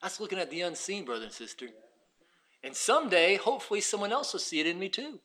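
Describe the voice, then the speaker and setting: A man preaching a sermon, dropping to hushed asides and rising to shouted emphasis. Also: high voice, lively intonation, fast.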